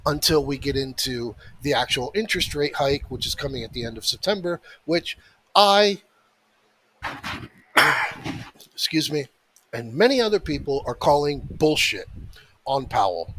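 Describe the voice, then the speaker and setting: A man with a bright, forceful voice and a slightly high pitch, walking through stock charts. He talks bluntly and swears freely. He drives his points home by repeating them. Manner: blunt, profane, emphatic, repeats phrases. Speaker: options trading educator. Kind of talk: market analysis with a rant.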